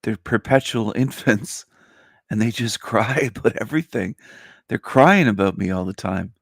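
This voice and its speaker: Gravelly low-voiced man ranting on a livestream. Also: expressive, dry recording, clean studio sound. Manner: boastful, drawn-out mocking emphasis. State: groggy voice after a nap. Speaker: livestream host. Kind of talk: casual livestream rant.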